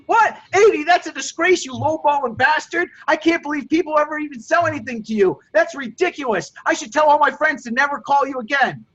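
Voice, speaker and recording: A furious, insulting phone seller , put on by a man, who shouts in a high, strained pitch. The sound is dull and lo-fi. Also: fairly quick, hardly any pauses. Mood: outraged. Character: irate adult phone seller, insulting and indignant. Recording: dull lo-fi recording.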